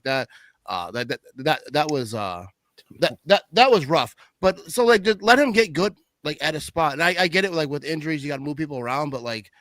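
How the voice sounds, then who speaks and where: Bright-voiced man in rambling sports chat. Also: a little high, dry recording. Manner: rambling, filler-heavy, animated. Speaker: podcast guest.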